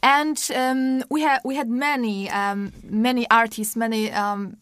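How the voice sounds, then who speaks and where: A woman's voice: on the high side, fairly even intonation, unhurried, a bit bright. A woman co-hosting a casual podcast chat, talking with many ums and restarts. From Poland. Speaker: podcast co-host.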